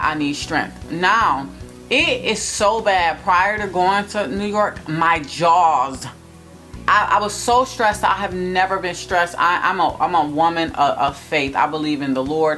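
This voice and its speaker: A young woman in a casual storytime vlog, talking straight to viewers in an animated, emphatic way. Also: lowish voice. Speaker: vlogger telling a personal story.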